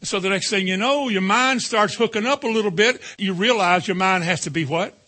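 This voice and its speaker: A man's voice: sits high, fairly quick, pushed and bright. A man preaching a sermon, emphatic and calling out to the congregation for responses.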